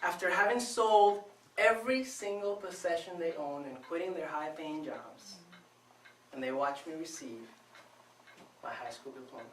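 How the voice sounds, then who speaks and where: A man from Venezuela giving a prepared contest speech to a live audience, telling his story with expressive, dramatic pauses. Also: a little high. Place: club meeting room before a live audience. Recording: echoey room, distant mic, faint noise.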